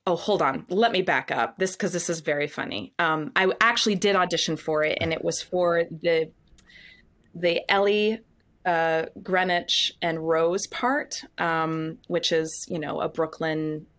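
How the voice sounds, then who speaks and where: Lively, chatty woman on a podcast. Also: low voice, measured pace. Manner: chatty and animated, acting out quoted voices. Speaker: Broadway actress, guest. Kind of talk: casual interview chat.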